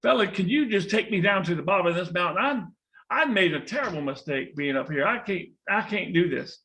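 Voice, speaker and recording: A man's voice: high-pitched, expressive, fairly quick, bright, forceful tone, exaggerated voice. A man voicing a freezing, pleading snake in a spoken folk tale, with a begging manner. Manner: pleading, whining.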